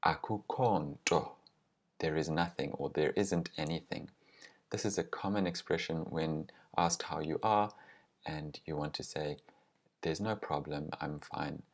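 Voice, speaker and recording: Very deep-voiced man teaching grammar. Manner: slow, careful pronunciation of example phrases. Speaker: language teacher. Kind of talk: explaining grammar with example phrases.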